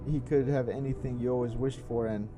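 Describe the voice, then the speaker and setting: A man's voice: mid-range voice, fairly even intonation, brisk, over music, lightly acted, rough recording. A man voicing an impatient kid in a game, reading the lines plainly.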